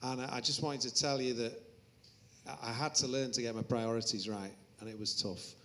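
A man's voice: mid-range voice, fairly even intonation, moderate pace, sharp tone. A man, a Christian musician, speaking as an interview guest. He moves from earnest reflection to self-mocking stories told with laughter. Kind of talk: anecdotal interview talk.

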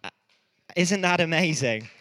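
A man preaching a sermon, telling stories in a lively way and often correcting himself mid-sentence. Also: a little high, in a large hall. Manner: lively storytelling with quick self-corrections.

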